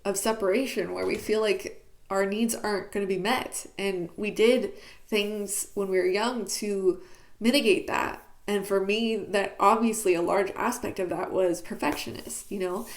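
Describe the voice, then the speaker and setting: A woman talking candidly in a reflective personal vlog, searching for words with many fillers, recorded in her bedroom. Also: medium pitch. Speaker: YouTuber. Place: bedroom at home.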